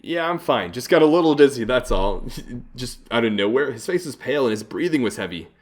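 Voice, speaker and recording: A man's voice: medium pitch, expressive, brisk. A man hosting a let's play, reading the game text aloud with casual, chuckling asides. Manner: casual, chuckling asides between read lines.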